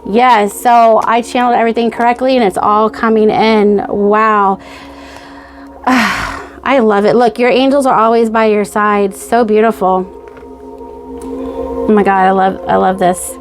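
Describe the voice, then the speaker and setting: A woman giving a pick-a-card tarot reading, gushing and excitable, speaking straight to the viewer and checking in with "okay?" and "right?". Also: mid-range voice, moderate pace, soft background music. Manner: says "okay?" and "right?" often. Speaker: tarot reader.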